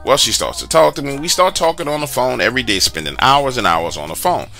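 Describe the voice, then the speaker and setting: A man's voice: mid-range voice, very animated, fast, vocal fry, sharp tone, soft background music. A man casually telling a personal story, chatty and slangy, with asides to the listener. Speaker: storyteller sharing a true story.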